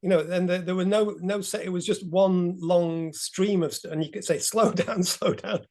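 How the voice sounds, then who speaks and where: A man's voice: high-pitched, steady tone, normal speed, warm tone. An older man, a grandfather, speaking thoughtfully and hesitantly in a casual video call chat. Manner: thoughtful, hesitant, repeats words. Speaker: discussion participant.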